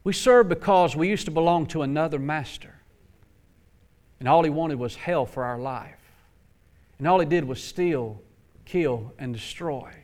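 High-voiced impassioned male preacher. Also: a little slow, long pauses. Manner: impassioned, rising to near-shouts, then dropping low. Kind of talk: sermon.

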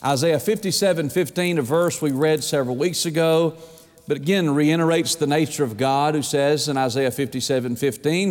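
A man delivers a sermon, slowing down to read scripture and slipping into homey anecdotes. His voice sits a bit high for a man, and the sound rings with the long reverb of a big hall. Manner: reads scripture slowly, tells folksy anecdotes. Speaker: pastor.

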